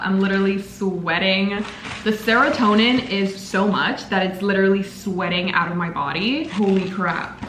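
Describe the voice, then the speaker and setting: Excitable girl vlogging a book haul, over the top, roomy sound w faint hum. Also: medium pitch. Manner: gushing, exclaiming, dramatic. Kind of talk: excited unboxing vlog. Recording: echoey room, faint ambience.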